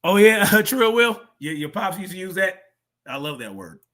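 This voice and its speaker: A man's voice: high-pitched, big pitch swings, moderate pace, fairly bright tone. A man hosting a live stream, reacting to clips with blunt, profane, mocking commentary. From family from Mississippi. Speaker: streamer host.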